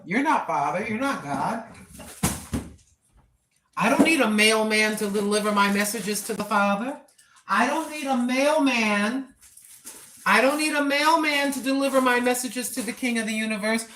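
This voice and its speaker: An older woman talking casually and preachily while live-streaming on a walk, recorded on her phone. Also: fairly high pitch. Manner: chatty, preachy, talks to herself. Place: outdoors on a walk.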